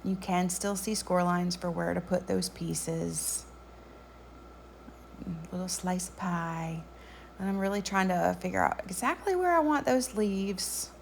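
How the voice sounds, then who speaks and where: Gravelly, low-voiced woman. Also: unhurried, slight background noise. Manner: relaxed, chatty, frequent ums. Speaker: craft tutorial host. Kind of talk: voice-over craft tutorial.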